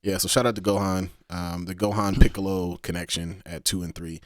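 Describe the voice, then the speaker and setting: A man's voice: low-pitched, a little fast, dry recording, clean studio sound. A man co-hosting a casual podcast, talking in profane street slang. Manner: slangy, profane, animated storytelling. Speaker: podcast co-host.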